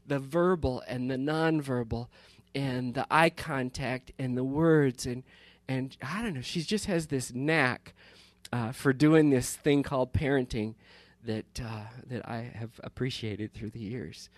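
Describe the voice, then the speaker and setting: In a dry recording, a mid-range male voice talks unhurriedly from the pulpit. He's a pastor in his fifties whose informal, good-humored rambling keeps circling back to restart sentences, with plenty of laughter.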